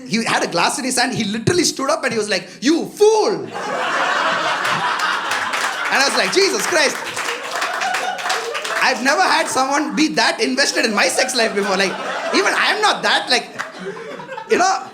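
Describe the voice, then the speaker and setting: A man's voice: very high voice, very animated, fairly quick, heavy background noise. Male stand-up comic, loose and profane, live club set with a roaring crowd. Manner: loose, profane, chatty, constant "you know" asides to the crowd. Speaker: stand-up comedian. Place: comedy club stage with a live audience. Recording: live club with audience laughter.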